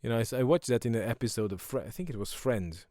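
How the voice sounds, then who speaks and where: A middle-aged man hosting a solo podcast, rambling sardonically and breaking into quick silly voices. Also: medium pitch, expressive, warm tone, no echo, clean studio sound. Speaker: podcast host.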